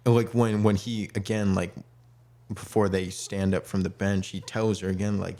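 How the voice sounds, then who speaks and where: A young male podcast co-host rambles through casual chat with lots of fillers, acting out quotes as he goes. His voice is low and warm, with little pitch movement and a moderate pace.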